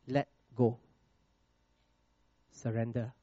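A man preaching a sermon with a personal testimony, checking in with the congregation with "all right?" and "okay?" and dropping to a hush on scripture lines. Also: a little high, animated, no room sound, dull audio. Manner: slows and drops to a hush on scripture phrases.

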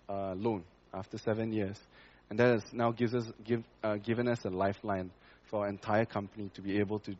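Halting man giving a church testimony. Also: mid-range voice, slightly rough, muffled recording. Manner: halting, with many fillers and restarts. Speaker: church speaker sharing a testimony. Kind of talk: spoken testimony to a congregation.

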